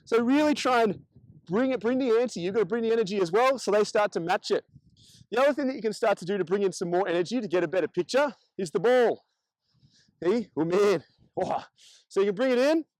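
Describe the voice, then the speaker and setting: A male dog trainer with a high voice, explaining heelwork while he works a dog. He talks in a coaching way and drops in bright bursts of praise. The sound is close and dry. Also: fairly quick, dry recording, poor audio. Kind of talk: instructional demonstration.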